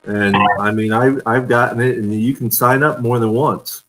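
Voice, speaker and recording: A male host runs a relaxed fan chat streamed live over a video call, full of stories and frequent laughter. He has a medium pitch, fairly even intonation and a moderate pace, with background noise in the clip.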